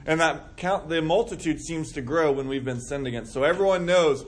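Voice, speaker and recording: Leading a casual group Bible study, a man with a slightly high voice speaks at a moderate pace. His tone stays conversational, and he performs the quoted things people might say.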